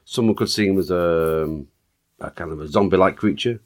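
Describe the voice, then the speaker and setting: A man with a Northern English accent co-hosting a podcast, chatting casually and often chiming in with quick agreement. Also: sits low. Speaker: podcast co-host.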